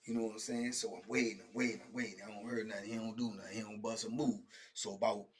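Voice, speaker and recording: A middle-aged male show host with a lowish voice talks at a quick pace, animatedly telling a prison story in slang. He acts out the people he quotes and keeps checking in with his listener, asking "right?" and "you know what I'm saying?".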